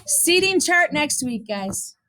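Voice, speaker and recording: A woman's voice: high voice, big pitch swings, takes it slowly, bright, forceful tone. Chatty woman teaching math class. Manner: chatty, casual, tells personal stories to class.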